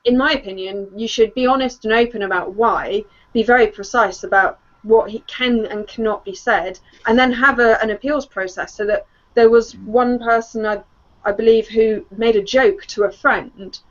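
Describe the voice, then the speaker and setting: A woman's voice: on the high side, steady tone, moderate pace, muffled recording. A woman on a casual podcast panel, speaking earnestly and repeating words as she builds a point. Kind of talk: casual discussion.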